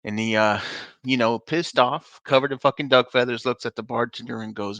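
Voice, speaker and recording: A man's voice: medium pitch, fairly even intonation, brisk, fairly bright tone, no room sound. A man co-hosting a casual podcast, laughing often and telling jokes in funny voices. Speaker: podcast co-host. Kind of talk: casual chat.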